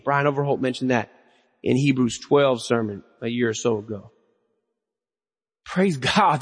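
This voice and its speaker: A man's voice: medium pitch, measured pace, long pauses, breathy edge. A man preaching a sermon, earnest and building to emphatic raised lines. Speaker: pastor. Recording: long reverb of a hall.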